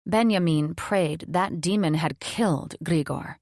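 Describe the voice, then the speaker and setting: A woman's voice: fairly low pitch, unhurried, no room sound, studio quality. Woman narrating a romance audiobook.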